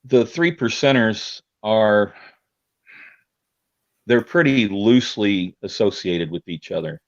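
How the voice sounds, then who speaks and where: A man's voice: lowish voice, slow pace. A man with an Indiana accent, a guest on a video call, talking in a hesitant way with many ums and restarts. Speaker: guest, militia member. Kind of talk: casual interview over a video call. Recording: dull lo-fi call audio.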